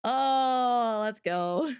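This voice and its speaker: Canadian girl hosting a chill stream, kinda high voice, giggly, lots of likes n ums. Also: drawn-out words, clean tone. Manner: chatty and giggly, rambling with many fillers. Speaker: livestream host. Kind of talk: casual livestream chat.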